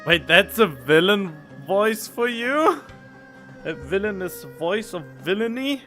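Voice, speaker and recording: Male game streamer, playful commentary, bright and lively voice, faint game music behind. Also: high-pitched, takes it slowly. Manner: playful and joking, reads dialogue choices aloud. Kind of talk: let's-play commentary.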